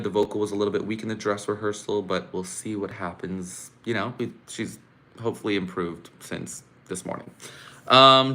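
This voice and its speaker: A man's voice: lowish voice, bright, forceful tone. A man hosting a casual live stream from home, chatting with viewers and venting his frustration in an exclamatory way. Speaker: live-stream host reacting to a contest. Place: home room.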